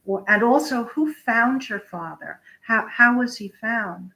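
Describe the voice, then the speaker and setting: A woman host speaks slowly in a bright, clear tone. She interviews a guest, asking gentle and careful questions and often restarting her sentences. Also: on the high side, animated, poor audio.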